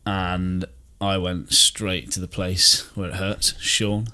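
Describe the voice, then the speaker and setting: A man co-hosting a casual pub chat podcast, animated and often laughing. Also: sits low, slow pace, clear, resonant tone. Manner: animated, laughing, mimics voices. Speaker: podcast co-host.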